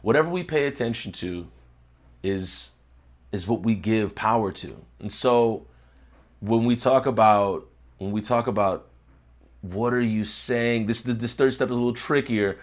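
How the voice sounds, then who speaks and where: A man's voice: on the low side, a little slow. Reflective man giving a motivational talk. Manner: reflective, declarative, repeats words while searching. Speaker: host.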